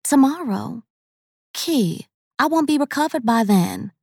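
A woman's voice: sits high, sing-song, a little slow, creaky, darkish tone, husky, dry recording, clean studio sound, pitched above the performer's own voice, full character voice. A woman voicing a frightened, ill young woman who speaks nervously with a wry edge. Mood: disbelieving.

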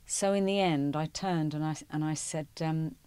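A woman's voice: low voice, moderate pace, warm tone, clear, resonant tone, no room sound. A middle-aged woman, a musical theatre performer, chatting as a guest in an interview and telling stories, often saying "you know". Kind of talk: conversational interview.

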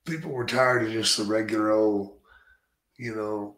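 A man's voice: fairly low pitch, fairly even intonation, moderate pace, fairly bright tone. A man hosting a podcast in a casual interview, talking bluntly and swearing freely with strong opinions. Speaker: podcast host. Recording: roomy echo.

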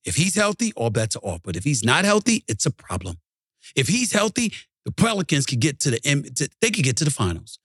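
Heated sports-show host, ranting. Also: male voice, mid-range voice, a bit bright, breathy edge, no room sound, studio quality. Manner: emphatic, heated, repeats for emphasis. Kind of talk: ranting sports commentary monologue.

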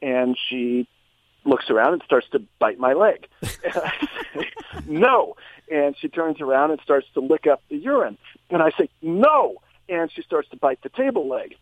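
A male psychotherapist, a guest on a show, tells a personal story with animated shifts in his voice. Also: on the high side, moderate pace, no echo. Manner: animated storyteller, voice rises for quoted lines. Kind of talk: anecdotal storytelling. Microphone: phone. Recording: tinny phone line.

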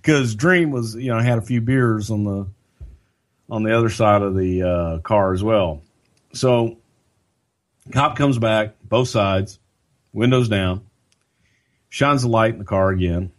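An older man telling a story in a casual podcast chat, as a lively storyteller who jumps into other people's voices. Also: lowish voice, unhurried, pauses often.

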